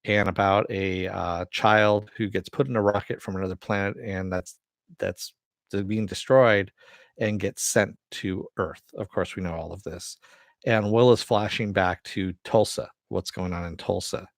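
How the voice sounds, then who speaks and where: A man talks through a TV episode in a loose, rambling recap, often stopping for fillers and restarts and swearing offhandedly. His voice sits fairly low, and the recording is dry and close, with little room sound. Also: fairly even intonation, measured pace, gravelly, no echo. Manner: casual, swears freely. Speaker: TV episode reviewer. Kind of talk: casual spoken recap.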